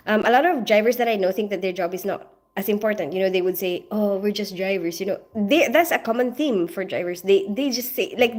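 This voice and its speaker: A woman from the Philippines, a nurse chatting casually on a livestream, rambling with lots of "you know" and "like". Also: a little high. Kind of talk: casual livestream chat, greeting viewers.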